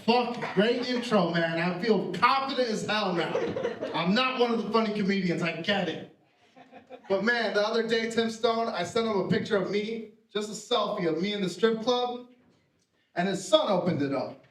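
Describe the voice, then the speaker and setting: A high-voiced man does stand-up from a theater stage, brash and profane, mocking himself in his punchlines. His voice rings in a roomy hall. The mic sits at some distance, so he sounds a little far off. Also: normal speed, fairly bright tone. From Puerto Rican family. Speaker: stand-up comedian. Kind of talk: live stand-up set. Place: theater stage with live audience.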